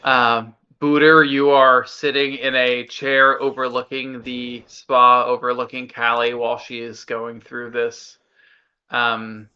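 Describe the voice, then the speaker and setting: A man narrating a tabletop game as game master, casual and unhurried with many fillers. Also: medium pitch, monotone, clean tone, dull audio.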